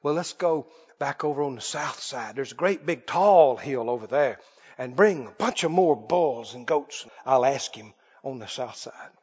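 A man voicing a greedy, short-tempered male prophet who snaps angrily at times and mutters hurried schemes at others. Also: mid-range voice, animated, a little mellow, husky, dull audio, pitched below the performer's own voice. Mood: muttering.

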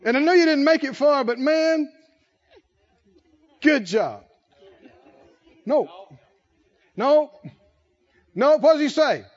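High-voiced preacher man, lively delivery. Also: slow pace, long pauses. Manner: asks the congregation questions and chuckles between points. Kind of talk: conversational sermon. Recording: dull lo-fi sermon recording.

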